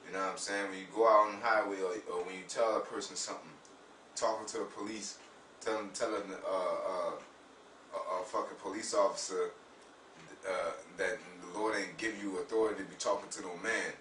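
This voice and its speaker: Casual male talker, low voice, lively and profane, echoey room sound with faint noise. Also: a little fast. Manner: animated, profane, repeats "you know what I'm saying". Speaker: religious discussion host. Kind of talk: casual spiritual talk. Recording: roomy echo, far from mic, faint noise.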